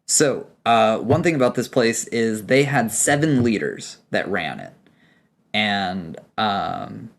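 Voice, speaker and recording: Young male game master, loose and chatty narration. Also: mid-range voice. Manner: rambling, with many fillers.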